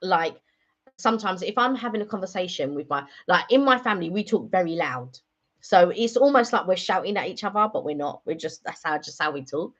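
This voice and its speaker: Woman, live stream host, casual chat, lowish voice, muffled lo-fi sound. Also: animated, a little fast, a bit bright. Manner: chatty, rambling, many fillers. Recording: dull lo-fi sound.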